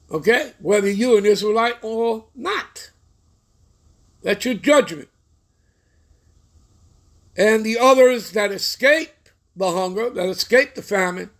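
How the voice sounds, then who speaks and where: A man teaching a bible-study sermon, reading verses slowly and often stopping to check that listeners follow. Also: high-pitched, vocal fry. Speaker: scripture teacher.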